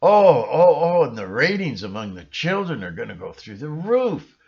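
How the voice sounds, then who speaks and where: Rambling sarcastic man, lively voice. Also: unhurried, highs cut off. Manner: sarcastic, rambling, with sudden shrill outbursts and laughs. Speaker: channel host. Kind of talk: rambling satirical monologue.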